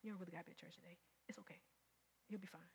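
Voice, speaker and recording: A woman preacher voicing a tempter's suggestion, speaking in a hushed, coaxing, quick way. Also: on the low side, steady tone, breathy edge, pitched below the performer's own voice. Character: coaxing tempter voice, soft and persuasive.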